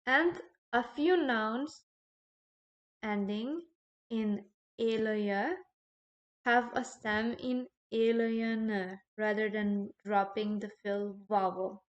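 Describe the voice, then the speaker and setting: A woman teaching a recorded grammar lesson, explaining slowly and checking in with "okay?" between points. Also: on the high side, fairly even intonation, dull audio. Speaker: language teacher.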